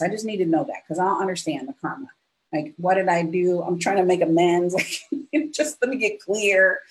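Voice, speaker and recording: A middle-aged woman appears as a business coach guest on a podcast, telling stories with animated expression in a fairly low voice. She acts out quoted dialogue and keeps tagging her lines with "right?" The recording is rough.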